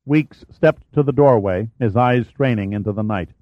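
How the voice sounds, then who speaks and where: Reading scripted narration for an audiobook, a man tells a story evenly and with measured delivery in a mid-range voice. The sound is dry and a little dull.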